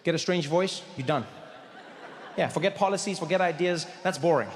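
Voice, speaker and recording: A middle-aged man doing an animated stand-up comedy routine, often slipping into voices and impressions. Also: a little high, normal speed. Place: large comedy venue. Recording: echoey venue with long reverb and faint noise.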